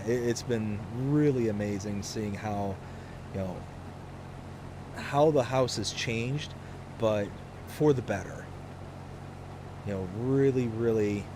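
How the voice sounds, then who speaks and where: A young adult man chatting casually on a live game stream, rambling in a relaxed, fond way with lots of fillers. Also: fairly low pitch, background noise. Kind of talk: casual live-stream chat while playing.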